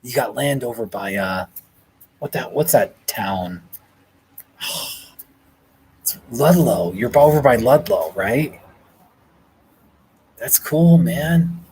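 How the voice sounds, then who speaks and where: A man in the middle of his own pitch range chats with viewers on a live stream from a hotel room. He talks slowly and easily, laughs often and thanks people by name as their comments come in. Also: animated, a little mellow, slightly rough, low-quality recording. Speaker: livestream host reading viewer comments. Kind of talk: casual live chat.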